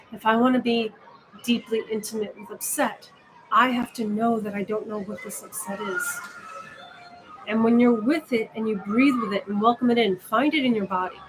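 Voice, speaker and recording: A woman giving a meditation talk as teacher, musing gently and often asking "right?". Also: fairly high pitch. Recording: steady background noise.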